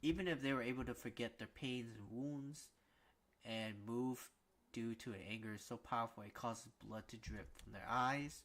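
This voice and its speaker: A man's voice: medium pitch, fairly even intonation, normal speed, a bit bright, close to an everyday voice. A man voicing a cold, mocking male demon, reading his lecturing lines aloud. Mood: gloating.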